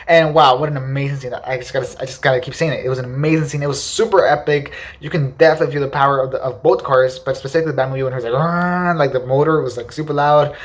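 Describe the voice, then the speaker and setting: A man chatting about movie scenes at a quick clip, full of fillers and excited repetition. His voice sits at an ordinary middle pitch, and his review is loose, unscripted and eager. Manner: enthusiastic, filler-heavy, repeats "really, really". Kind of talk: casual spoken film review.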